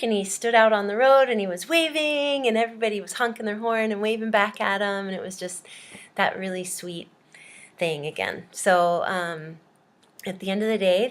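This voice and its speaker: A woman teacher from Hawaii telling a long, silly story in an animated, chatty way. She fills her pauses with "um" and "uh" and talks to her listeners with easy, mid-pitched warmth in her delivery. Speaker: language teacher. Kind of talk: storytelling to students.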